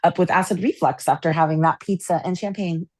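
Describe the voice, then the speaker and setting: A woman's voice: lowish voice, brisk. A woman in her fifties co-hosting a casual podcast, telling stories with lots of laughter. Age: 50s. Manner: animated storyteller, laughs often. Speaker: podcast co-host. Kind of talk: casual group chat.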